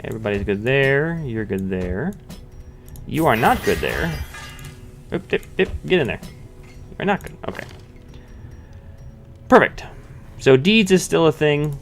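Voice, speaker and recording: A man's voice: mid-range voice, very animated, measured pace, long pauses, faint music behind. A man giving casual let's-play commentary, thinking aloud with many restarts and fillers. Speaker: gameplay commentator.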